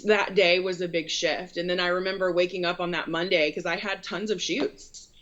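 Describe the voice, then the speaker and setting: A woman's voice: lowish voice, fairly even intonation, moderate pace, a bit bright. A woman who owns a photography business, telling her story in a casual interview in an earnest, rambling way with many fillers. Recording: dull lo-fi recording.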